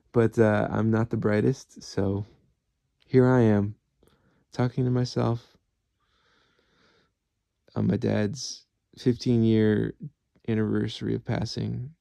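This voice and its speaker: A man's voice: on the low side, little pitch movement, slow pace, creaky, pauses often, dark tone, no echo. A man talking alone to the camera in a rambling, candid monologue, swearing freely as he goes. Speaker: vlogger.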